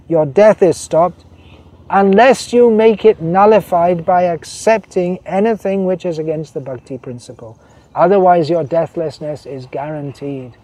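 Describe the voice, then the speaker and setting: A man giving a devotional sermon, reading quotations and explaining them, slowing down to stress key phrases. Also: on the high side, mellow, dry recording. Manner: voices quoted figures, slows to stress key phrases. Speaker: preacher.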